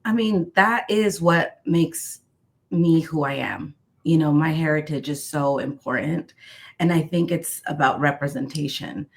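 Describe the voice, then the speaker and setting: A woman's voice: low voice, a little slow. A woman from Mexico whose first language is Spanish, a costume designer reflecting on her career in a casual interview, with many fillers and restarts. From Tijuana, Mexico.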